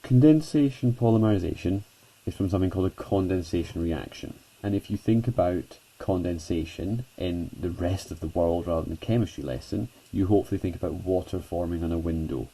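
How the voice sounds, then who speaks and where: A man's voice: sits low, brisk, dark tone, husky, rough recording. A man teaching a chemistry lesson at a whiteboard, chatty and self-deprecating, talking students through each step.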